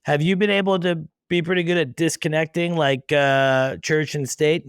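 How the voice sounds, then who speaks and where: A man's voice: on the high side, steady tone, moderate pace, clear, resonant tone, no room sound, studio quality. A man hosting a podcast, chatting casually in a rambling, self-deprecating way. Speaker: podcast host. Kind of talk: casual interview chat.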